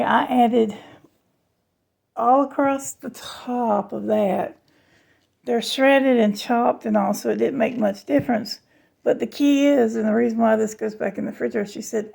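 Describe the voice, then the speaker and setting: A woman's voice: on the high side, creaky, dark tone, husky. A woman chatting casually to her viewers in a home cooking vlog, folksy and half awake. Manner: chatty, folksy, talks to viewers as y'all and honey. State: just woke up, half awake. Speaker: home cook vlogger.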